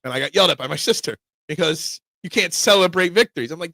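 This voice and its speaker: A man hosting a live sports talk show, giving opinionated, excitable fan takes and answering chat. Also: fairly high pitch, quick pace, creaky, dry recording.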